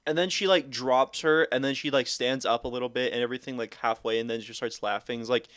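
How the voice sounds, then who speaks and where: Young man, podcast co-host, smooth clear voice, dry close sound, swears a lot, excitable. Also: medium pitch, fast talker, dry recording. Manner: excitable, swears a lot, acts out movie lines. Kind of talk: casual chat.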